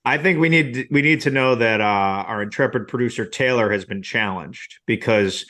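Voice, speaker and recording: A man's voice: mid-range voice, a little fast, pushed and bright. A man co-hosting a sports podcast, rambling and poking fun at himself with lots of fillers. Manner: rambling, self-deprecating, many fillers. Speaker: podcast co-host. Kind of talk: casual sports podcast chat.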